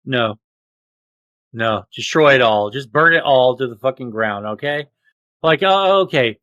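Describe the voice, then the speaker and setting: A man co-hosting a casual podcast, ranting with lots of swearing and loud outbursts. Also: mid-range voice, measured pace, dry recording, highs cut off. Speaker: podcast co-host.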